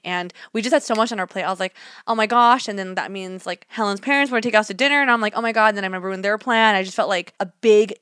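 A woman's voice: medium pitch, fast talker, fairly bright tone, clean tone, no room sound, clean studio sound. A young woman co-hosting a podcast, telling a story in casual chat and acting out her own reactions. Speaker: podcast co-host.

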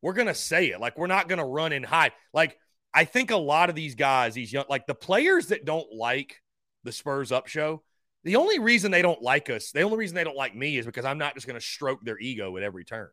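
A middle-aged man hosts a sports call-in show in a blunt, combative way. His pitch jumps around a lot and his tone is bright and forward. The room sounds dry and close. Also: very animated, brisk, dry recording. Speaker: sports talk show host. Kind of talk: sports radio talk.

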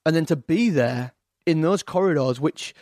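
A man's voice: fairly high pitch, normal speed, a little mellow, no room sound, studio quality. A man with an English accent, a guest talking casually on a podcast, hesitant with fillers and restarts. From England. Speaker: actor guest.

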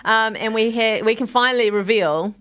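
A woman's voice: a little high, normal speed, fairly bright tone, clear, resonant tone, no room sound, clean studio sound. A woman with a New Zealand accent hosting a casual pop culture podcast, chatty and laughing often. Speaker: podcast host.

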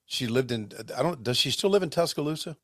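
A man co-hosting a podcast, chatting casually and telling rambling stories with many halting restarts. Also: mid-range voice, expressive, a bit bright, dry recording, clean studio sound. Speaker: podcast co-host, former wrestling commentator. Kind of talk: casual chat.

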